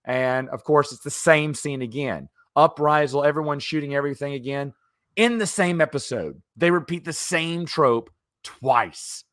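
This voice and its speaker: A man's voice: fairly high pitch, moderate pace, fairly bright tone, no echo, studio quality. A man giving a casual episode review as a show host, exasperated and critical, with lots of ums and uhs. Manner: exasperated critique with frequent fillers.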